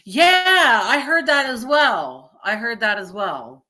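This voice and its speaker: A woman's voice: on the high side, sing-song, slow, bright, forceful tone. A woman in her early thirties chatting casually on a stream, swearing freely and laughing often. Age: early 30s. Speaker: streamer reacting to a video. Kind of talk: casual live-stream chat.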